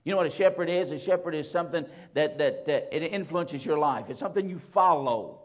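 A man preaching a sermon to his congregation, stressing phrases slowly and repeating them for emphasis. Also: fairly high pitch. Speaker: pastor. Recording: dull lo-fi sound.

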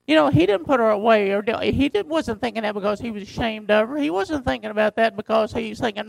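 A man pastor preaching a sermon, reading scripture slowly and driving his points home with emphasis. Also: very high voice, gravelly, dry recording, rough recording.

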